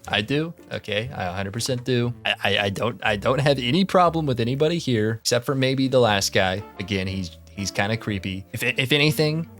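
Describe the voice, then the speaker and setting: A man's voice: lowish voice, a bit bright. A man giving casual reaction commentary, rambling and swearing often, with many fillers and restarts. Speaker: commentary YouTuber.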